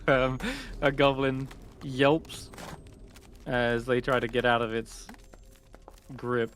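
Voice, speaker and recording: Bright, lively male game master narrating with laughs. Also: mid-range voice, takes it slowly, slight background noise.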